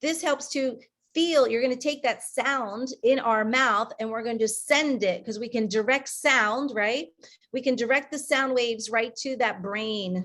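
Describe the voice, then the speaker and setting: Woman, breathwork coach on a video call, slow calm counting, slightly high voice. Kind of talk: guided breathing and meditation session.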